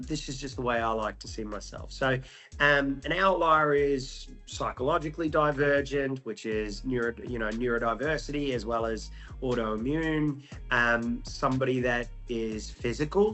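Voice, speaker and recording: A man's voice: mid-range voice, sharp tone. Young aussie guy chatting in an interview, jokey, lots of ums, faint music behind. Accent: Australian. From Australia. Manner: jokey, many ums and restarts. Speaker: interview guest. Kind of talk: casual interview storytelling.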